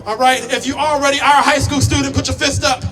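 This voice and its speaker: A man's voice: extremely high pitch, fast talker. A man emceeing an outdoor protest rally, working the crowd with questions and introducing the next speaker. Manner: energetic, crowd-engaging, asks raise-your-fist questions. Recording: distant mic with loud crowd and music.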